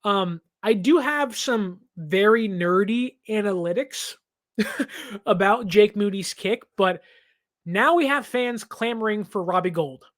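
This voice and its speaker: A man's voice: high-pitched, slow pace, a bit bright. Emphatic young man reacting to a game. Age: 20s. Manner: emphatic, impassioned, laughs between points. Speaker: sports show host. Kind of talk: sports reaction commentary.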